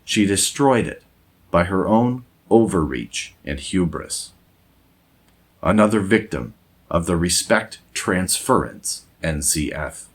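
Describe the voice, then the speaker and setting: A man reading a moralizing essay aloud in a measured, deliberate scripted narration. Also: deep voice, breathy edge. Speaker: essayist and former English teacher.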